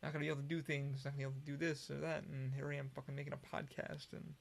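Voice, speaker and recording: A man's voice: fairly high pitch, level tone, rapid-fire, vocal fry. A man hosting a solo podcast, rambling casually with lots of profanity and frequent restarts. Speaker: podcast host.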